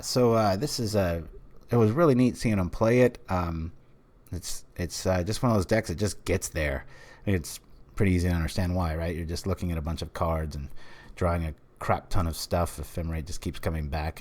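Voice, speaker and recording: Deep-voiced American card-game streamer. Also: male voice, darkish tone. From United States. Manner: rambling, many fillers, chatty. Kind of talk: casual game commentary.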